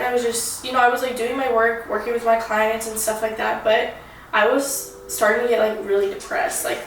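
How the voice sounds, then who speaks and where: A young woman in her twenties chats openly, her voice sitting a bit high and running on with fillers. She sounds set back from the mic in a very echoey room, with a faint hum behind her. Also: far from the mic. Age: 20s. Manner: candid, rambling with frequent "like" fillers. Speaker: vlogger. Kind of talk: casual chat while getting ready.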